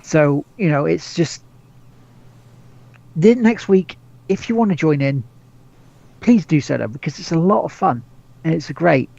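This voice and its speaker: A man's voice: a little high, animated, measured pace, gravelly, pauses often, a little mellow, muffled recording. A man hosting a podcast in casual chat, rambling with lots of restarts, swearing and laughs. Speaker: podcast host.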